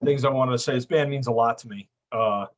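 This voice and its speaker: A man on a podcast panel chatting casually, eager and trailing off softly. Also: medium pitch, brisk. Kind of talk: casual chat.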